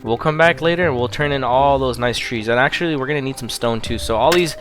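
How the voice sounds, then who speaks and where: A man talks casually through a video game, explaining each step in an easygoing, chatty way. His voice is low and relaxed, with some fillers. Quiet music plays in the background. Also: fast. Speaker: game streamer. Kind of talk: casual gameplay commentary.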